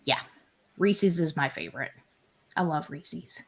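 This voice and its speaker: A woman's voice: low-pitched, a little slow. A woman hosting a casual livestream chat and reading out viewer comments, talking in a rambling way with frequent restarts. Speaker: livestream host.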